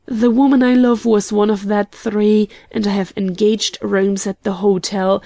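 A woman reading the part of an eager, lovestruck young gentleman painter in an audiobook, his words tumbling out excitedly. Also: mid-range voice, unhurried, no room sound, lightly acted. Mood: ecstatic.

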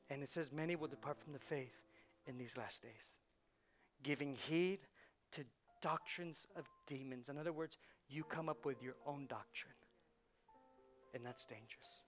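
Male pastor, fairly high voice, fervent sermon with hushed and loud stretches, faint music underneath. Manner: passionate preaching, swings from hushed to loud, repeats phrases. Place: church sanctuary.

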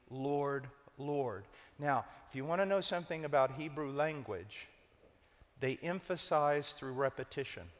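A man preaching a sermon, emphatic, rising to urgent loud peaks and dropping to low hushed stress. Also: big-room sound.

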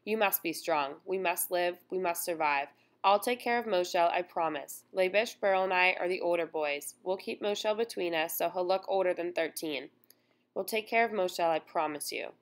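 Strained earnest young guy promising stuff, read by a woman, quiet and low. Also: moderate pace, natural voice. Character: young man pleading with his sister.

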